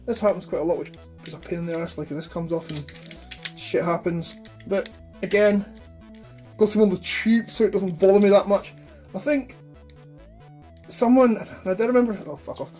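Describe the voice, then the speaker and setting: A man's voice: high-pitched, normal speed, pauses often, darkish tone, faint music behind. A man chatting casually about his toy collection, rambling and blunt with plenty of swearing. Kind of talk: casual chat.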